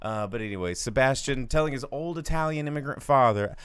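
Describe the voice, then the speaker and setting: A man's voice: medium pitch, fairly quick, clean tone, no room sound. A man co-hosting a podcast, chatting casually and joking, rambling with lots of fillers. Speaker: podcast co-host. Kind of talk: casual chat.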